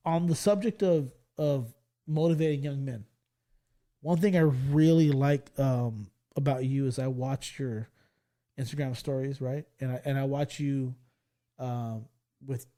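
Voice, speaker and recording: A man in his forties hosting a podcast, telling stories in casual chat, swearing freely and loudly acting out what others said. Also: mid-range voice. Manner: animated storyteller, swears freely, acts out quoted lines loudly. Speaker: podcast host.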